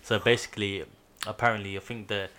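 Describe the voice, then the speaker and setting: A man chatting casually about anime as a podcast co-host, slangy and relaxed, laughing often. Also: lowish voice, quick pace. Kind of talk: casual chat.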